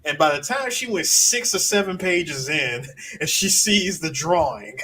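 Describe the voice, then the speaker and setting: Animated joking man, faint hiss. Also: high-pitched, poor audio. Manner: animated, joking, quick asides. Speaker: podcast co-host. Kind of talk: casual chat.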